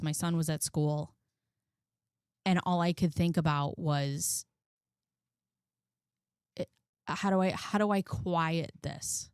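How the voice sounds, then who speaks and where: A woman's voice: on the low side, clear, resonant tone, no echo, studio quality. A woman candidly telling a personal story to her viewers, frank and emotional, swearing freely. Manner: emotional, profane, frank, addresses viewers as friends. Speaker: commentary channel host.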